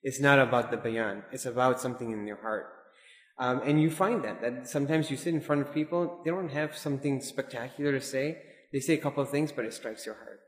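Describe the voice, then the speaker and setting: A man giving an informal religious lesson, talking in a relaxed, digressive way and dropping in Arabic and Urdu terms. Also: medium pitch, brisk. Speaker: Islamic teacher. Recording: echoey hall with long reverb.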